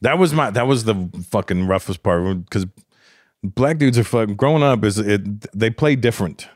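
A man's voice: lowish voice, lively intonation, moderate pace, no room sound, clean studio sound. A man in casual podcast chat, blunt and heavily profane, getting worked up when he tells a story. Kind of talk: casual conversation.

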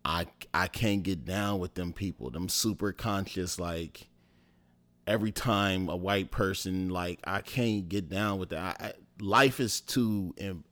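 A very deep-voiced man chatting casually in as a podcast co-host. He talks through his opinions reflectively, with lots of filler words. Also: measured pace, fairly bright tone. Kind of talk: casual chat.

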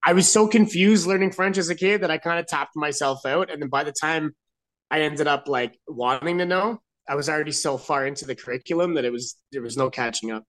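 A man's voice: on the high side, fairly quick, a bit bright, poor audio. A man guest on a podcast, chatting casually in a hesitant, slangy way. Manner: hesitant, slangy, says bro. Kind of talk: casual chat.

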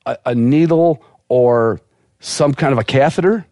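A man at a middling pitch tells a rambling story with lots of laughter and energy. The sound is dry and close, with no room around it. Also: a little slow, dark tone, no room sound. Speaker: podcast guest, dog breeder. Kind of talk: casual storytelling on a podcast.

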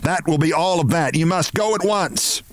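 A man voicing a loud, bossy middle-aged woman who is brash and indignant in a read-aloud story. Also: sing-song, measured pace, dry recording. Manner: shrill and imperious.

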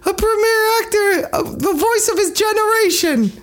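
A man putting on a shrill, squeaky voice for a cartoon plumber brother, excitable and yelling. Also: normal speed. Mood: excited. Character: shrill high-pitched male cartoon plumber.

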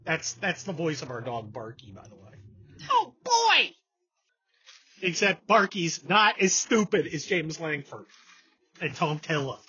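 A man's voice: fairly high pitch, animated, moderate pace, sharp tone, breathy edge, no room sound. A man hosting a casual political chat show, talking sarcastically and slipping into mocking impressions. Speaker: podcast host. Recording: dull lo-fi sound.

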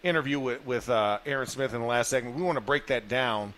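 A man hosting a sports radio show, chatting in a jokey, excitable way. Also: medium pitch, fairly quick. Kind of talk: casual sports radio chat.

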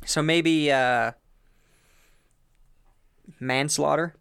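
Blunt man with a smooth, dry voice. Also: on the high side, fairly even intonation, extremely slow, fairly bright tone, dry recording. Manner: blunt, swears, reacts with short quips. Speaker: podcast co-host. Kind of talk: casual chat.

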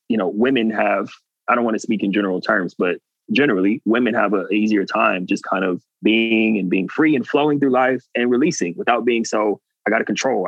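A man's voice: lowish voice, gravelly, no room sound, highs cut off. A man guest telling a personal story earnestly, acting out what people said. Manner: animated, earnest, acts out quotes. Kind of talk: casual storytelling.

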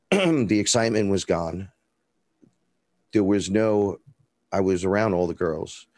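A low-voiced man with a Bronx accent, guesting on an interview, tells a meandering story slowly, with lively intonation and a slightly mellow tone. He's blunt and swears freely, acting out what people said. The recording is dry.

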